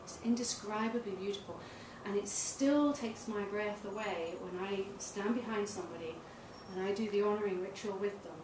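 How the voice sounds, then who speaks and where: At a moderate pace and with few pauses, a middle-aged woman of medium pitch gives a public talk as a tantra massage teacher, telling frank, self-mocking stories and laughing. She's in a small event space, and the noisy recording sounds roomy and far off.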